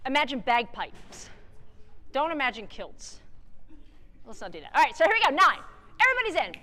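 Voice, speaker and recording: A woman conducting a band rehearsal, energetic, singing rhythms aloud and counting off the players. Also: sits high, fairly quick. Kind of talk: rehearsal coaching. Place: large theatre with a band. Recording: live hall reverb with band playing.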